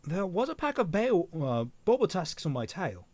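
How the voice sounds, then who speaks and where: A man putting on a shy, high faunus girl. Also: sing-song, normal speed, dry recording. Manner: soft, quiet, failed Australian accent attempt. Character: shy young rabbit-eared faunus girl.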